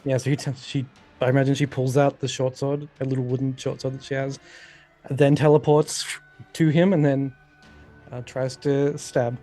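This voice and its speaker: A man plays a tabletop game, explaining his moves in a relaxed, hesitant way. His voice is warm and mellow. Faint music sits in the background. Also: mid-range voice, normal speed. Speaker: player. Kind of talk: casual tabletop game play.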